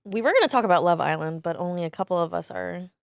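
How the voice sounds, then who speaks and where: A young woman with a low, gravelly voice, chatting wryly as a podcast guest. The sound is dry and close. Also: animated, fast, dry recording. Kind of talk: casual chat.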